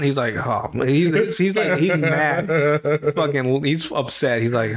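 A man with a somewhat high voice casually recaps a TV episode on a podcast. He rambles and swears freely, often slipping into mock voices for the characters' lines. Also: normal speed. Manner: rambling, profane, acts out quotes in mock voices. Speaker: podcast co-host. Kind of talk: casual chat recapping a show.

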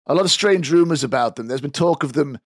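A sly little mousefolk spy who loves his own secrecy and drama, as a game master puts him on. The voice sits a bit high and is recorded very dry and close, with nothing around it. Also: lively intonation, fast, no echo. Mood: conspiratorial. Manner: theatrical, conspiratorial, proud. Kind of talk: tabletop game character voice.

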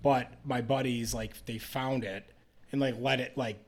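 A man's voice: fairly even intonation, a little slow. A young man hosting a casual podcast, telling a long rambling story and acting out the people in it. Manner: rambling storyteller, acts out quotes in a higher voice. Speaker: podcast host and comedian.

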